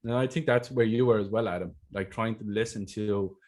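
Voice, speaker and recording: A man's voice: fairly low pitch, fairly even intonation, brisk, a little mellow. A man hosting a casual interview as a sales mentor, talking bluntly and swearing freely.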